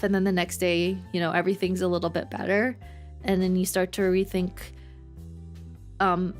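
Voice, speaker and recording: A woman in her twenties, a streamer and nurse, chatting casually and rambling, repeating words for emphasis. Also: lowish voice. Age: 20s. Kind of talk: casual chat.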